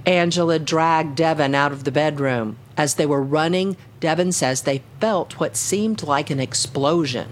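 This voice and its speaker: A woman reporter reads her scripted news narration in a measured, steady voice. Her voice sits low. A faint background ambience runs under the recording. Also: slight background noise.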